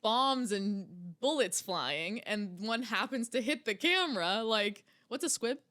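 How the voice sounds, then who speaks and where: A young woman co-hosting a podcast in casual chat, enthusiastic and quick to agree. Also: mid-range voice, animated, a bit bright. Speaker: podcast co-host.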